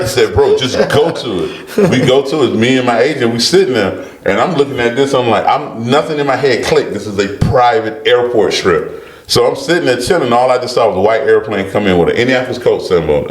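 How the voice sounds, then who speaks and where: A former football player telling stories as a guest, animated and laughing. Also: male voice, medium pitch, fairly quick. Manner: animated storyteller, laughs and acts out quotes. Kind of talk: storytelling interview. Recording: roomy studio.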